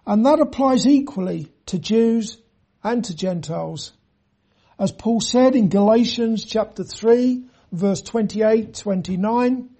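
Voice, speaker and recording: A preacher giving an earnest sermon, reading scripture in a measured way and speaking straight to the listeners. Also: mid-range voice, dark tone. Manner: addresses listeners directly.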